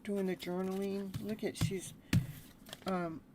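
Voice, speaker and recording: A woman's voice: medium pitch, little pitch movement, slow, heavy background noise. A woman giving a live tarot reading, chatty and laughing often as she talks. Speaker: tarot reader.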